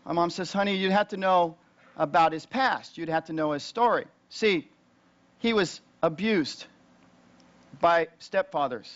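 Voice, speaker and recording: A man who is a pastor, preaching a sermon in a conversational, storytelling way, growing louder and higher as he relives tense moments. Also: unhurried, muffled recording. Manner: conversational, rising loud and high when retelling tense moments.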